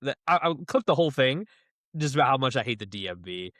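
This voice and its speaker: A young man co-hosting a podcast in casual chat, animated and laughing as he acts out the people he quotes. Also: medium pitch, quick pace, no echo. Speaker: podcast co-host.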